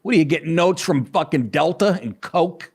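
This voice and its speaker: A male podcast host cuts into a clip again and again to mock it. His comments are sarcastic and full of swearing. His voice sits a bit high and jumps around a lot. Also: expressive, normal speed, husky. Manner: sarcastic, interrupting, swearing mockery. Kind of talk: profane commentary over a clip.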